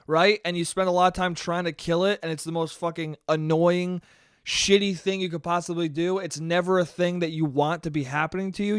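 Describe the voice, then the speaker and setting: A young man with a high, clear and resonant voice riffs casually on his own podcast, swearing, wandering off topic and cracking jokes. The recording is dry and studio quality.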